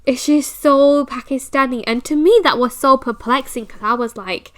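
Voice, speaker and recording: A woman's voice: high voice, a little slow, hardly any pauses. A woman in her twenties, telling her own story in a candid, chatty way with some swearing. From Britain. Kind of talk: casual personal storytelling.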